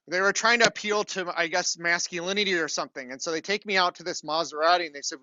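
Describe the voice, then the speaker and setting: Middle-aged man, chatty lecturer, slightly high voice, checks in with "okay?", dry classroom capture. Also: expressive, fast, sharp tone, no echo, muffled recording. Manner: chatty storytelling, frequent "okay?" check-ins. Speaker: university lecturer.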